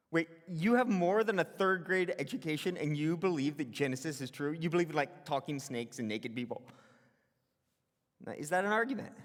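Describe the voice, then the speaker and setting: A man delivers a casual, animated sermon from a church hall, his voice sitting high for a man. The room's long reverb trails after every phrase. He keeps it conversational, dropping into quoted voices as he goes. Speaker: pastor.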